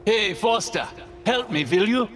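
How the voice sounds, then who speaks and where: A cheery, helpful German workman with a bright, high-pitched voice and a German accent, as a male narrator puts him on. He sounds eager and friendly, and loud music plays behind him. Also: expressive, unhurried. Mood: cheery urging. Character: cheery young German man, helpful coworker.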